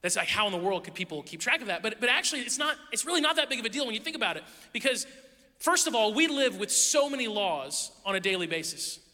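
Speaking fast, this male pastor's high, brilliantly ringing voice tells personal stories in an animated, self-mocking way during his sermon. Each phrase fades into the lengthy echo of a big hall.

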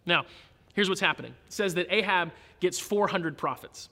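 Man teaching a Bible passage casually, high and bright voice, long hall reverb. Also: moderate pace. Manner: casual, with repeated restarts. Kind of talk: Bible reading with explanation.

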